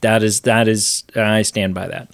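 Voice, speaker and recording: A man's voice: lowish voice, flat delivery, measured pace, gravelly, dry recording. A man co-hosting a podcast, chatting casually and enthusiastically about movies, rambling with restarts. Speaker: podcast co-host.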